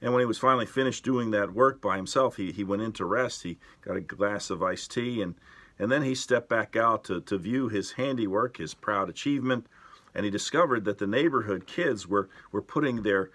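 A man leading a daily devotional as pastor, telling stories calmly and unhurriedly with many small hesitations. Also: on the low side. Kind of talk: devotional sermon.

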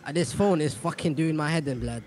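A man's voice: on the high side, brisk, music in the background, close to an everyday voice. A man role-playing an impatient young man, mumbling street slang. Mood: irritated. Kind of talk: game role-play.

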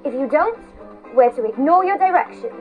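A woman's voice: high-pitched, expressive, moderate pace, narrow, tinny audio, soft background music. An actress playing Alice, a prim, well-mannered young girl.

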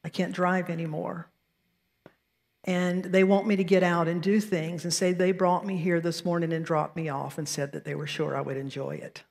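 A woman's voice: fairly low pitch, level tone, moderate pace, creaky, darkish tone, in a large hall. A woman minister with a Southern American accent, delivering a sermon with storytelling and self-deprecating asides. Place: church sanctuary.

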